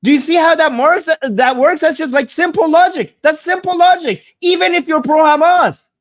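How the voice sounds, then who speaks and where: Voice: high-pitched, normal speed. A political commentator reacting to a debate clip, arguing emphatically with rhetorical questions and a mocking edge.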